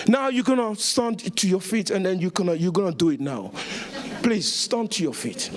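A man preaching a sermon with passion, repeating phrases, stammering through restarts and rising to shouts. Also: high-pitched, very animated, moderate pace, a crowd in the background.

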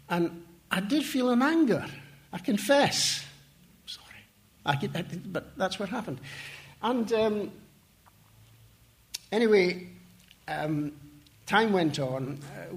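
A man giving an earnest testimony talk as a missionary, telling stories with many hesitations and wry asides. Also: fairly high pitch. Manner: earnest storytelling with hesitations and self-deprecating asides. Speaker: missionary speaker.

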